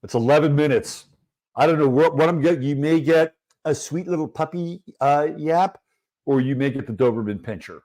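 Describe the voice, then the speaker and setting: A man's voice: fairly high pitch, moderate pace, a little mellow. A man hosting a casual livestream, chatting loosely and greeting viewers in the chat one by one. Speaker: livestream host.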